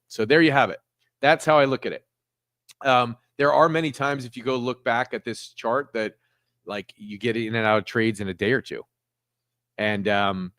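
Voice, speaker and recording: A man's voice: lowish voice, no room sound, studio quality. A man hosting a casual livestream, rambling through his stock trades with frequent fillers and restarts. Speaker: trading livestream host.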